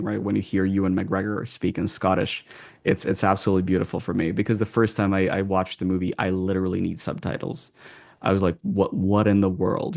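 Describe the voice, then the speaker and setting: A man speaks in a low, gravelly voice as an accent coach being interviewed. He rambles through his answers, restarting phrases and leaning on fillers. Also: darkish tone.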